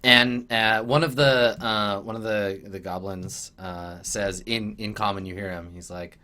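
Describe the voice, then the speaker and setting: A man's voice: on the low side, steady tone, unhurried, hardly any pauses, bright, forceful tone. A man narrating as game master of a tabletop game, rambling with many fillers. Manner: rambling, full of fillers and laughs.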